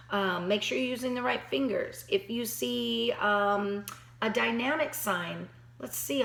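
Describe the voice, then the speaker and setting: A woman giving a piano lesson, talking straight to her student in an encouraging way, thinking aloud and counting beats. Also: fairly high pitch. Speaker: piano teacher. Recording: roomy echo.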